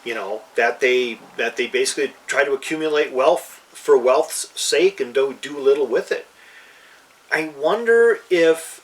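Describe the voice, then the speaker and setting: Co-host: man of mid pitch, loose and rambling, sits a little back from the mic. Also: animated, unhurried, recorded from a distance, poor audio. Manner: rambling, many fillers and restarts. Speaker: podcast co-host. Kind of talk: casual chat about fantasy games.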